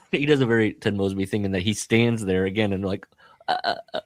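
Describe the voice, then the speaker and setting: A man's voice: lowish voice, fast talker, no room sound. A man hosting a podcast, chatting casually about a film and acting out the characters' lines as he retells it. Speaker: podcast host.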